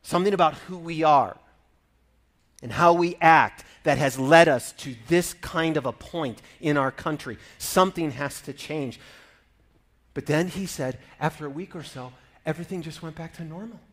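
Middle-aged guy preaching, kinda high voice, goes quiet and low then builds way up and emphatic. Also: moderate pace. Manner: swings between hushed storytelling and rising emphatic preaching. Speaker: pastor. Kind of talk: sermon.

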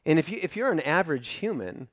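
Male pastor, sermon delivery, higher voice, dry room, lively and dramatic. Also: fast, no echo. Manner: animated, acts out crowd voices, loud bursts.

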